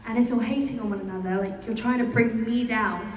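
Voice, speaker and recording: A woman's voice: a little high, a little fast, a little hiss or hum. Young British woman, chatty panel guest with frequent laughs; recorded from far off in an echoey convention hall. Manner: chatty, laughs often, many fillers. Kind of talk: answering fan questions.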